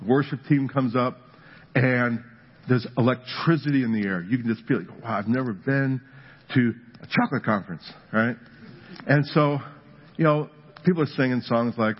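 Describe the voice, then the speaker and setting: A man preaching a conversational sermon, telling a humorous story that builds to animated emphasis. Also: mid-range voice, husky, lo-fi sound. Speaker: pastor.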